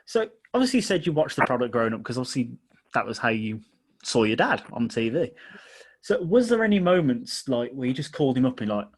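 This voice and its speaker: A man hosts a relaxed interview at a mid pitch. He talks in a chatty, self-mocking way and laughs easily. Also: a little fast, husky. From England. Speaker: podcast host. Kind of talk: casual interview chat.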